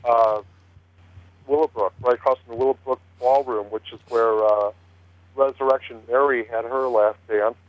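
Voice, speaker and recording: A man's voice: medium pitch, steady tone, moderate pace, dry recording. A man speaks down a thin, phone-like line with no room sound. He rambles, piling up fillers and restarts as he explains his investigations in casual chat. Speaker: paranormal investigator guest. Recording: tinny dry phone line.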